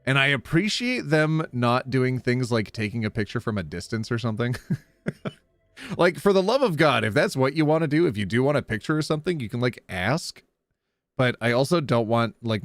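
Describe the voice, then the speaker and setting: A man's voice: medium pitch, no room sound. A man chatting casually on a livestream, joking and laughing often. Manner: giggly, joking and animated, with playful put-on voices. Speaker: streamer.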